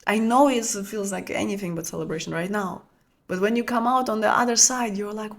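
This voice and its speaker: A woman whose first language is Russian, giving an intimate teaching talk as a spiritual coach for women. She speaks softly and in a flowing way, searching for words and repeating them, and often drops to a hushed, near-whispered tone. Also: mid-range voice, normal speed.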